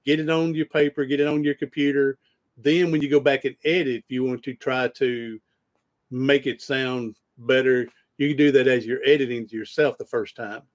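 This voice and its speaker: A man's voice: medium pitch, flat delivery, normal speed. A man hosting a podcast, telling rambling stories in casual conversation with frequent restarts. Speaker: podcast host.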